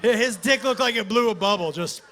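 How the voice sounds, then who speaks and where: A man performing a stand-up comedy set, telling a story in a brash, loud way with shouted bursts, on a handheld mic at a comedy club. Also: high voice, normal speed, a faint crowd, a little hiss or hum.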